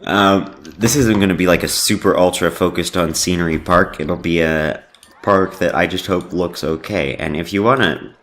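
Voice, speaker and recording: Very deep, gravelly rambling gamer man. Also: normal speed, a bit bright. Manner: rambling, filler-heavy, self-deprecating. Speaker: let's play host. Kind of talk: casual gameplay commentary.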